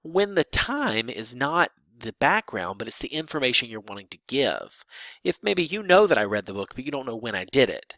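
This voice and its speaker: A man explaining sign language grammar in a relaxed lecture, emphatic and lively, often restarting his phrases. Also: medium pitch, normal speed, no room sound. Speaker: ASL linguistics instructor.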